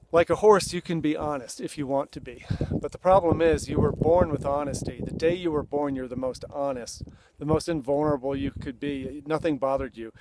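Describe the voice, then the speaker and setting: A man's voice: on the high side, a little mellow, slight background noise. A middle-aged man coaching other men in a direct-to-camera talk, earnest and plain-spoken, acting out blunt confessions. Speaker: men's coach.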